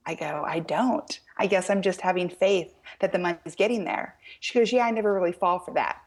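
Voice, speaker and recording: An American woman, middle-aged, telling a story as an author guest in an interview, lively and quoting people in animated voices. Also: fairly low pitch, fairly quick, few pauses. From United States. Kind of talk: storytelling in a talk-show interview.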